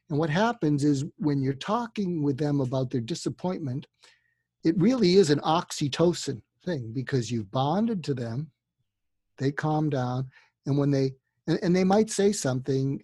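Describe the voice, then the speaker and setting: A man's voice: fairly high pitch, expressive, moderate pace, darkish tone, breathy edge, no room sound. A man speaking as a therapist guest in a casual podcast conversation, acting out sample dialogues in a livelier voice. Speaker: psychotherapist guest. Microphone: remote call microphone.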